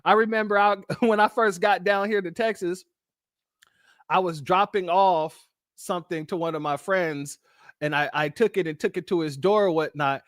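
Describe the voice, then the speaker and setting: High-voiced animated man from California. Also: moderate pace, no echo, clean studio sound. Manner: animated storytelling, laughing often. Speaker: live stream host. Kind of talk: casual live-stream commentary.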